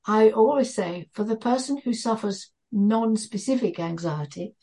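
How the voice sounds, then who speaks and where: Husky woman trainer thinking aloud. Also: medium pitch, darkish tone. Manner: hesitant, restarts, thinking aloud. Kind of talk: training session discussion.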